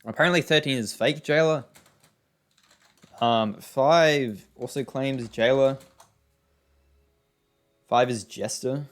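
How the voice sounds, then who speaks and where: A man's voice: mid-range voice, slow pace, pauses often. A young man giving casual, rambling gameplay commentary, often exasperated, with many fillers and restarts. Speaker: gaming YouTuber.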